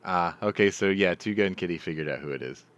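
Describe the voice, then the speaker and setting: A man's voice: sits low, fast talker. A middle-aged man hosting a casual live chat, rambling through stories and swearing freely. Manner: profane, rambling storyteller. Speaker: host.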